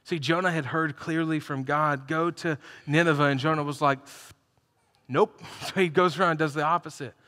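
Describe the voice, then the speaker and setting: Bright, high-pitched preacher in a reverberant hall. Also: male voice, fairly quick, few pauses. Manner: energetic, animated storytelling, builds to loud emphatic peaks. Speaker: pastor. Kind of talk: sermon with humorous stories. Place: church hall, live congregation.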